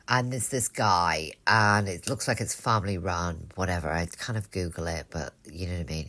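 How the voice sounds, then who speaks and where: A woman's voice: a bass voice, creaky, a bit bright. A young woman co-hosting a podcast, telling a rambling story in casual chat, frank and swearing often. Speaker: podcast co-host.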